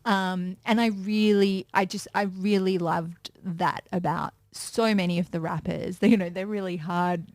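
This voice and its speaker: A woman chats as an interview guest, spinning backstage stories and slipping into bright put-on voices for quotes. Her voice sits on the low side, and the sound is dry and close. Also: a little slow, few pauses, dry recording. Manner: chatty storyteller, acts out quotes with lively voices. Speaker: music and pop culture presenter, guest. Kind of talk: casual interview chat.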